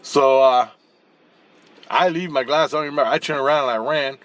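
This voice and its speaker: A man's voice: medium pitch, a little fast. A man telling a long dream story in a casual, rambling way, blunt and profane, with frequent restarts and repeated words. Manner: animated, acting out the action as he tells it. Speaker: channel host recounting spirit-world dreams.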